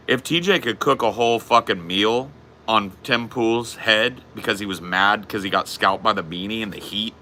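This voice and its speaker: A man's voice: lowish voice, moderate pace, bright, forceful tone. A man hosting a casual podcast chat, crude and laid-back, calling people bro. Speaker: podcast host.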